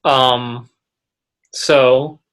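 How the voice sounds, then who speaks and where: A teenage boy and young actor in a casual interview, rambling and halting, with frequent restarts. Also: mid-range voice, little pitch movement, fairly bright tone.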